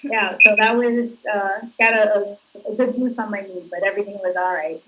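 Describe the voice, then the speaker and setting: A woman's voice: medium pitch, steady tone, moderate pace, highs cut off. A woman actress giving casual, chatty interview answers, laughing as she tells stories. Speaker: actress guest.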